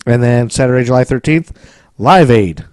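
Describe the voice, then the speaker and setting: A man's voice: medium pitch, normal speed, darkish tone, clear, resonant tone, dry recording, clean studio sound. A man co-hosting a podcast in casual chat, rambling and jokey. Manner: rambling, jokey, tries silly accents and sings snatches. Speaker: podcast co-host. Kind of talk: casual chat about eighties pop culture.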